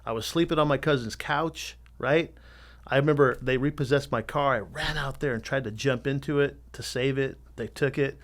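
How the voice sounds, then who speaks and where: A middle-aged man, a tattoo artist guesting on a podcast, telling his story in a candid, animated way and swearing freely. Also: medium pitch, moderate pace. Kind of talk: casual storytelling interview.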